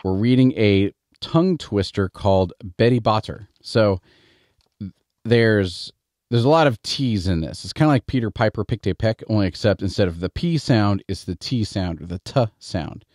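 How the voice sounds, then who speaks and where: A middle-aged man with a Midwestern American accent reads nursery rhymes aloud for a bedtime story show. His voice sits on the low side. He chats between readings and corrects himself as he goes, and the sound is dry and close. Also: lively intonation, normal speed, darkish tone, no echo. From Midwestern United States. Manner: chatty, explains himself, self-correcting. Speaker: storytelling host.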